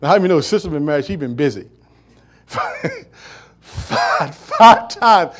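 A man pastor preaching a sermon, calling out to the congregation and swinging from soft asides to loud declarations. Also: a little high, big pitch swings, measured pace, pauses often.

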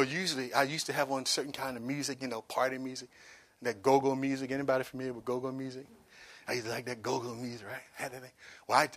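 A man's voice: mid-range voice, sharp tone. A man in his forties preaching a sermon, emphatic, repeating phrases and asking the congregation to answer back. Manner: emphatic preaching with repetition and call-and-response questions. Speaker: pastor.

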